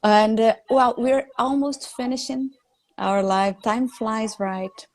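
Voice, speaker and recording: A woman whose first language is Portuguese, hosting a live English-teaching chat on a video call and asking polite, unhurried questions. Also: on the high side, steady tone. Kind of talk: casual live interview.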